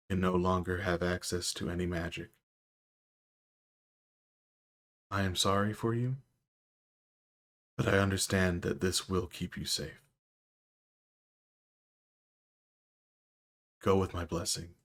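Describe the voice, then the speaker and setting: A man's voice: low-pitched, close to an everyday voice. Man voicing a solemn, regal goddess. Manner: slow, measured pronouncements. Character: solemn, regal goddess, gentle but grave.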